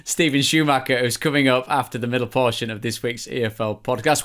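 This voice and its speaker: A man's voice: medium pitch, a bit bright, clean tone. A man hosting a football podcast, running the chat and linking segments with easy banter. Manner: brisk, links segments with banter. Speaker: podcast host.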